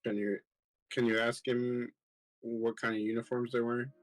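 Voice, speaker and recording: Man, tabletop player, mid-pitched, joking, chatty. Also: flat delivery, normal speed, faint music behind. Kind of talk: playing a tabletop game.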